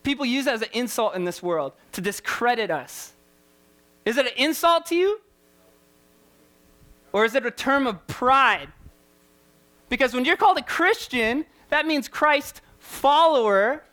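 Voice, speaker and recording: A man's voice: very high-pitched, lively intonation, unhurried, long pauses, pushed and bright. A man preaching a sermon as a youth pastor, impassioned and repetitive, firing rhetorical questions at his listeners.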